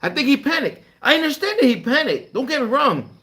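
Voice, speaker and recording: A man's voice: extremely high pitch, fairly quick. A man who hosts a channel for truck drivers, chatting casually with viewers and acting out the dialogue of his stories with lots of energy. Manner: animated storytelling, acts out dialogue. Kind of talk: casual live chat with viewers.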